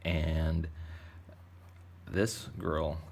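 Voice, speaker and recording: A man's voice: extremely low pitch, level tone, drawn-out words, a little hiss or hum. A man teaching a drawing lesson for kids, talking in a playful, rambling, jokey way as he draws. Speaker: art teacher.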